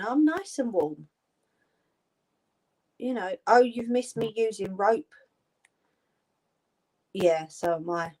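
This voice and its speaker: A woman's voice: medium pitch, expressive, slow, pauses often, mellow. Chatty woman live-streaming to viewers. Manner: chatty, reads out viewer comments, affectionate. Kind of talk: casual chat with live viewers.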